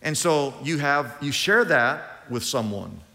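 Animated preacher in a reverberant hall. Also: male voice, mid-range voice, slow, gravelly. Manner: animated preacher, acts out both sides of conversations. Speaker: pastor. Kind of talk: sermon.

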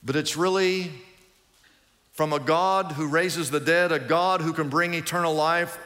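A middle-aged male pastor delivers a lively sermon in everyday language, moving between loud bursts and quiet asides. His voice is high and bright, and it rings out with a long reverb in a church. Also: unhurried. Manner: animated, colloquial, swings from loud bursts to hushed asides.

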